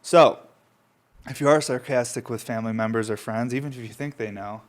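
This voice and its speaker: A man's voice: medium pitch, fairly quick. A young man from upstate New York hosting his own podcast, telling loose rambling stories between coughs and swearing casually, with a runny nose from smoking. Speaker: podcast host.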